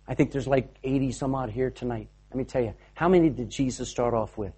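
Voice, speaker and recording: Before a live audience, a man with a medium-pitched, warm voice with a breathy edge preaches fairly quickly. He's fervent and exhorting, calling people to action and directing volunteers on stage.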